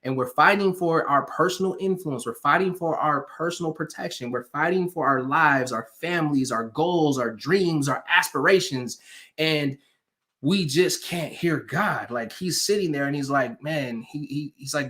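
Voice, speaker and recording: This motivational speaker's voice is a little high and his pace moderate as he addresses a live online audience in animated, preacher-like fashion. He repeats phrases to drive points home and calls for hearts and comments from viewers.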